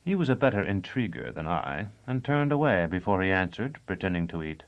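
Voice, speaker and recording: A man with a low voice reads a novel aloud in the first person, in even, deliberate storytelling. The recording is dull and lo-fi. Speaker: audiobook narrator. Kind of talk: first-person scripted narration.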